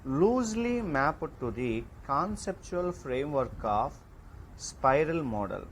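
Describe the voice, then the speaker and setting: A man lecturing in an online class, reading slide points slowly and deliberately. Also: a little high, big pitch swings, slight background noise, poor audio.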